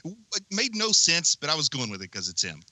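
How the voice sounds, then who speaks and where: Bright-voiced man rambling about movies. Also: fairly high pitch, huge pitch swings, fairly quick, dry recording, poor audio. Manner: rambling, enthusiastic, lots of fillers. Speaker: podcast co-host. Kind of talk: casual movie podcast chat. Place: home basement.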